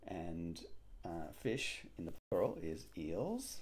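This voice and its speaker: A man solving a cryptic crossword aloud, musing and hesitant, with frequent pauses and fillers. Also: low voice, wildly swooping pitch, a little mellow, a little hiss or hum. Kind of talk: thinking aloud while solving.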